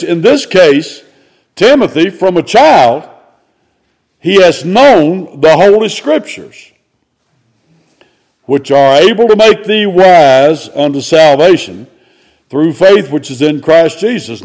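A man preaching, reading scripture aloud and explaining it, rising to loud exclamations. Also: high voice. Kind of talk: expository sermon.

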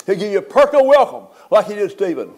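Older man, high-voiced pastor; folksy funeral sermon with emphatic swells. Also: big pitch swings, fast, a little mellow.

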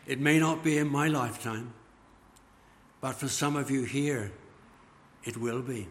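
A man preaching a sermon, slow and emphatic, letting phrase ends fall away. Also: medium pitch, fairly bright tone. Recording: long church reverb.

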